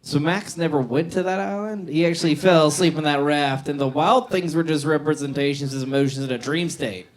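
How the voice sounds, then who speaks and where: A man tells a rambling stand-up story on a bar stage. His voice sits a little high, and he fills it with uhs and likes. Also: fairly quick, hardly any pauses. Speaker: stand-up comedian. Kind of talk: stand-up comedy set. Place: comedy bar stage, live audience.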